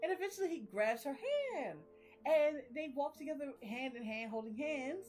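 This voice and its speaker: A woman's voice: sits high, expressive, normal speed, a little mellow, faint music behind. A young woman chatting casually about her reading. She rambles, uses slang and laughs often. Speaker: reading vlogger. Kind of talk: casual chat.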